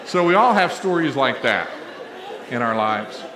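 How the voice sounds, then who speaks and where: A man's voice: mid-range voice, sing-song, measured pace, crowd noise. A middle-aged man from Missouri, a college president, giving a humorous ceremony speech full of stories to an audience in a large hall. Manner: humorous, conversational storyteller, playing to the audience. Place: large indoor event hall. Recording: echoey hall.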